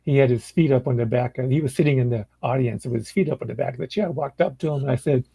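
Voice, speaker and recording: A man's voice: medium pitch, fast talker, vocal fry, hardly any pauses, slightly rough, no echo, poor audio. An older man, a blues musician, telling stories at an easy pace in a casual chat and acting out what others said. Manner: relaxed storyteller who acts out dialogue. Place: indoor room.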